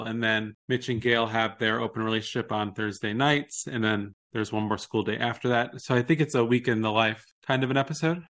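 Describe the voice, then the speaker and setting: A man co-hosting a podcast in casual chat, excitable and quick to laugh. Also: medium pitch. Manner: excitable, laughs often, quotes scenes in funny voices. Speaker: podcast co-host.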